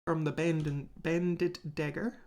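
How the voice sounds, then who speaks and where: A woman's voice: deep voice, fairly even intonation, slow, a little mellow. A woman streaming a game live, chatting casually and thinking aloud to her viewers.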